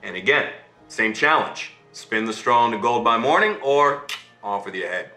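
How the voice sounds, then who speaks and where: A man telling a fairy tale to an audience, animated and checking in with his listeners. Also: medium pitch, normal speed, roomy sound, faint music behind. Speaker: storyteller.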